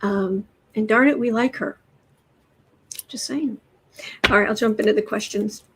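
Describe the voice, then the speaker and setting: A woman's voice: medium pitch, a little slow, fairly bright tone, husky, low-quality recording. A woman hosting a tarot livestream in a casual, rambling way, greeting viewers from the chat and chatting as she goes. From United States.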